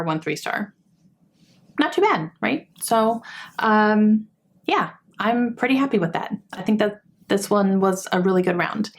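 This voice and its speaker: A young adult woman giving a casual, gushing book review as a vlogger, chatty with many fillers. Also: medium pitch.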